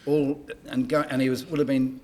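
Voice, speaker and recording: An older man with an Australian accent, a podcast guest telling lively backstage anecdotes and acting out the dialogue. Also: mid-range voice, brisk, background noise. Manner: animated anecdote-teller, acts out dialogue in raised voice. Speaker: guest, entertainment promoter. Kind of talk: casual storytelling on a podcast.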